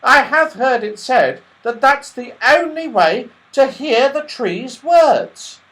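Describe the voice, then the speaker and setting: A man voicing an anxious small squirrel in a storybook reading, speaking high and urgently. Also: lively intonation, takes it slowly, fairly bright tone, exaggerated voice.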